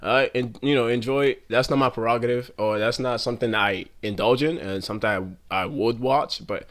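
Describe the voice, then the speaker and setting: A man's voice: mid-range voice, a little fast, a bit bright. A young man giving a casual, rambling commentary rant full of slang and swearing.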